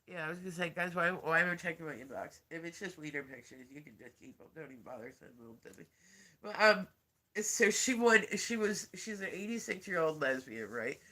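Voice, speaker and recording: A congested man with a stuffy nose hosts a rambling livestream chat. His voice sits a bit high and rings very bright and sharp, broken often by laughs and casual swearing. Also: animated, brisk. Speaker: livestream host.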